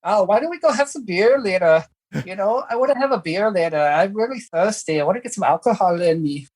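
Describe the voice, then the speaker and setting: A woman's voice: medium pitch, lively intonation, fairly quick, darkish tone, husky, no room sound, pitched above the performer's own voice. A woman doing a playful, put-on Irish accent as a cheerful, thirsty woman who wants a beer. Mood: jolly.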